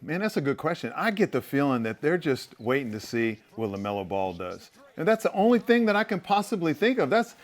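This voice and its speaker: A man hosting a casual basketball chat show, a former player with a relaxed, easygoing way of talking. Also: on the high side, brisk, few pauses.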